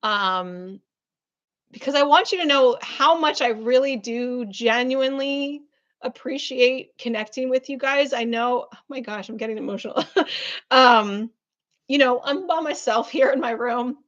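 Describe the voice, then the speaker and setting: A fairly high-voiced woman talks warmly and effusively to her live-stream viewers from her room, her chat loaded with ums and soft asides. The audio is dull and lo-fi, like a muffled online stream. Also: a little slow. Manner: warm, effusive, chatty with many fillers. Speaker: spiritual business coach hosting a live reading.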